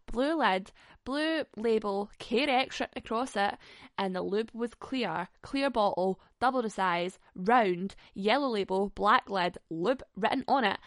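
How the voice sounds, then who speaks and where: A woman's voice: fairly high pitch, fairly bright tone, no echo, clean studio sound. A young woman hosting a podcast, telling a frank story bluntly with lots of swearing and laughing mid-sentence. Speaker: podcast host. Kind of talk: candid comic storytelling.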